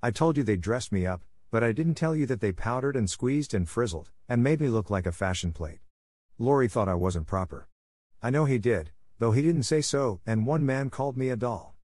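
A man's voice: medium pitch, lively intonation, normal speed, a little mellow, no room sound, clean studio sound, close to an everyday voice. A man voicing an earnest, bashful young woman in a storybook reading, raising his voice for her. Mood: confiding. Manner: bashful, self-reproachful. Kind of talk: audiobook character reading.

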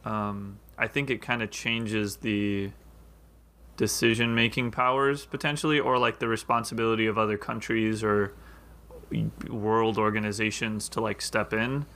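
Bright-voiced man, thinking aloud. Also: medium pitch. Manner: hesitant, thinks aloud with many ums and likes. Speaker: podcast co-host. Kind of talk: casual podcast discussion.

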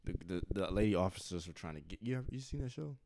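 Very deep-voiced man, animated podcast chat. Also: very fast, creaky, dry recording, studio quality. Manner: animated, laughing, acts out scenes in high squeaky voices. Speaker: podcast co-host. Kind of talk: casual chat. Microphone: studio mic.

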